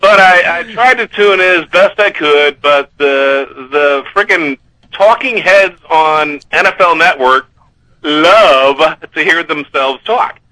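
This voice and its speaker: Chatty sports radio caller, bright voice. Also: male voice, on the high side, slow pace, poor audio. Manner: chatty, rambling, self-correcting. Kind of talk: phone-in sports talk.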